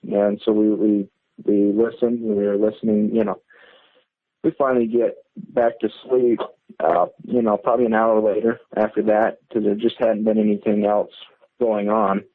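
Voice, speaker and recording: A man with a fairly low voice tells his story over a tinny phone line. He rambles, restarting sentences and leaning on fillers as he goes. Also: little pitch movement, moderate pace. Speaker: caller. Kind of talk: casual storytelling on a call-in show.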